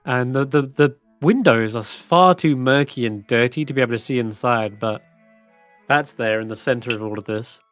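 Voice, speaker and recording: A man's voice: medium pitch, normal speed, faint music behind. A man narrating a tabletop game as dungeon master in a casual, rambling way.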